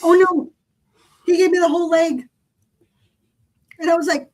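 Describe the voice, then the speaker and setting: A woman, co-hosting a podcast in casual chat and telling a story with lively quoted dialogue. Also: high voice, a little fast, pauses often, rough recording. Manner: chatty storyteller, acts out quoted people. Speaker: podcast co-host.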